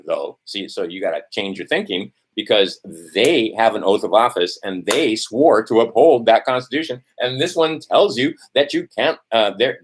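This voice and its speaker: Swearing often and sounding testy, a man with a husky, medium-pitched voice rants heatedly to his camera. He tosses in "right?" again and again and loses track of where he is in his notes.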